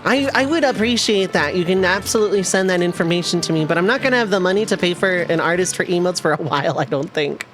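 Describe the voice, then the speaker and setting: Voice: medium pitch, quick pace, few pauses, a bit bright, soft background music. Rambling, self-amused game streamer. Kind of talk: casual live-stream chat while gaming.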